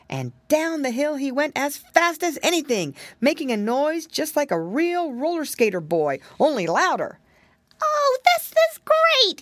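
A woman reading a children's storybook aloud, with gentle, expressive storytelling. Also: mid-range voice, no echo. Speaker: audiobook reader.

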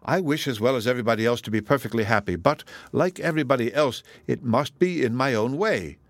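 A man voicing a reserved young gentleman in an audiobook reading, wry and gently mocking. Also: medium pitch, animated, a little fast, no echo, lightly acted.

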